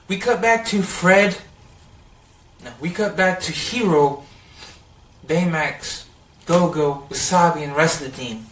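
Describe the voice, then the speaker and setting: A man giving a casual, rambling recap of a cartoon episode, excitable and full of "like.". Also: on the high side, distant mic, slight background noise. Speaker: TV episode reviewer. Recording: roomy sound, set back from the mic.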